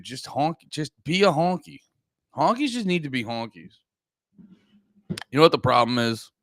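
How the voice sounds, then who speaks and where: An American man in his thirties hosts a casual livestream chat, rambling, swearing, and using lots of fillers. His medium-pitched, fairly bright voice is studio quality, with no echo.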